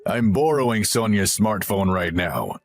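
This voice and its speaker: A man's voice: lowish voice, animated, soft background music. A man doing a stern, disapproving older father. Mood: grave. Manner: firm, measured and reproachful.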